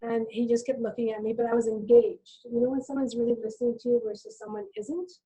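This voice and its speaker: A middle-aged woman nurse speaking as a webinar guest, calm and reflective, telling stories from her work. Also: a little high, fast, husky, low-quality recording. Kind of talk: conversational webinar talk.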